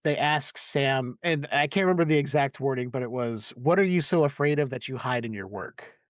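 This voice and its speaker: A man's voice: mid-range voice, fairly quick, no room sound, studio quality. A man on a podcast retelling movie scenes in a casual chat, acting out quotes and laughing often. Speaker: podcast host.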